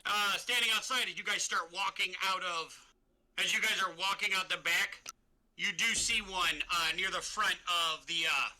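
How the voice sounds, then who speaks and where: A man with a high, very bright voice narrates as game master. He rambles through his scene descriptions, stopping and restarting with plenty of fillers. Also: normal speed, poor audio.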